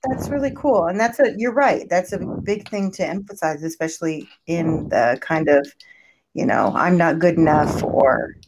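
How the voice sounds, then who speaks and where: A woman's voice: lowish voice, moderate pace. A woman hosting a casual chat, laughing often and restarting her sentences. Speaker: podcast host. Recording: noisy recording.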